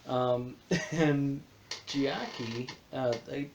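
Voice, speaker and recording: A man's voice: mid-range voice, steady tone, extremely slow. A young man talks frankly and at length on a casual podcast, rambling from one thought to the next with the odd curse. A faint hiss sits under his voice. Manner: rambling, frank, swears and laughs easily. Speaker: podcast host. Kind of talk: casual chat.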